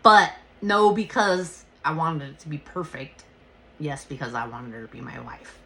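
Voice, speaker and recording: Podcast host, woman with a low, bright voice, animated and profane, casual storytelling. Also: moderate pace. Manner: animated and profane, swears freely.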